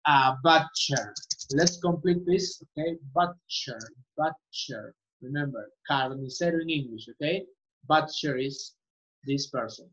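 A woman teacher with a deep voice runs an online English class at a moderate pace, repeating words and often asking "okay?" to check comprehension. The sound quality is muffled and lo-fi.

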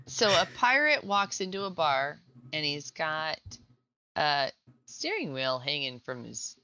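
A woman's voice: low-pitched, sing-song, unhurried, sharp tone, lo-fi sound. A woman co-hosting a casual gaming podcast, playfully telling a joke. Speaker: podcast co-host. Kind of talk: casual chat.

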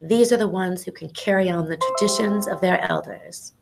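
A middle-aged woman, an ethnobotanist, telling lively stories to students in an animated educational talk over a video call. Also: on the low side, normal speed, vocal fry, music in the background. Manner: animated storyteller, exclamations and acted-out quotes; casual, says y'all.

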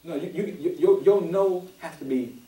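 Speaking at a normal speed in a slightly high voice, a male pastor tells stories to a responsive congregation in a conversational sermon, animatedly acting out quoted voices in casual dialect. The recording is distant, roomy church audio.

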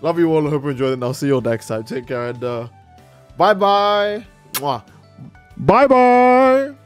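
Talking at a racing pace, a young guy live-streams his game, reading out donations and chatting casually with plenty of swearing. He stays relaxed, though his pitch shoots up when he gets worked up, and faint music plays behind him.

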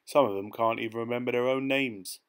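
A man's voice: medium pitch, fairly even intonation, brisk, smooth, close to an everyday voice. A man reads out a sly, boastful pickpocket, full of cocky street talk. He brags about his trade with a pleased grin in his voice, as in a storybook reading. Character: sly, boastful male pickpocket hitch-hiker.

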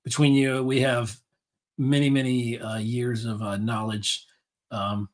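A man hosts a podcast in a casual chat, rambling enthusiastically with lots of fillers and restarts. His mid-range voice is level in tone and a little slow.

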